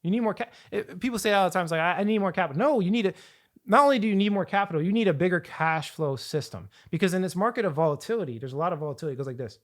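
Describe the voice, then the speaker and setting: A man coaching viewers on finance in an energetic, rambling talk to camera, often repeating and restarting his phrases. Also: sits high, rapid-fire. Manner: energetic, rambling, hype-building. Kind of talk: hyped talk to camera with slides.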